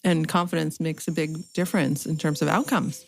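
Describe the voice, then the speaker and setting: A woman's voice: sits low, steady tone, a little fast, creaky, a little hiss or hum. A woman hosting an interview podcast, a supportive listener who affirms her guest and asks thoughtful follow-up questions. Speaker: podcast host.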